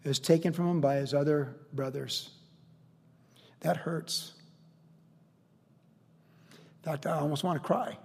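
A male pastor teaches a Bible passage verse by verse, earnest and conversational, with rhetorical questions. His fairly high voice carries a gravelly edge. It echoes with the long reverb of a large sanctuary. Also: steady tone, a little slow, pauses often, a little mellow.

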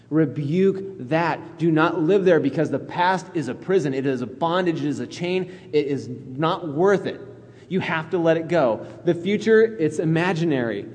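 A man's voice: a little high, darkish tone, in a large hall. A male pastor preaching a conversational sermon, acting out quoted voices as he goes.

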